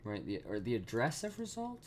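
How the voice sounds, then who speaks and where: A man's voice: medium pitch, huge pitch swings, brisk, noisy background. A man thinking aloud as he codes on a live stream, full of fillers and self-corrections, swearing casually and laughing at himself.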